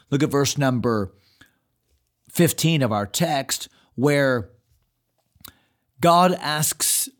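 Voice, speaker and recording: A male pastor preaching an expository sermon with an earnest, steady delivery and a mid-range voice. He paraphrases scripture in a lively way and sometimes restarts a phrase. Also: mid-range voice. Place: church.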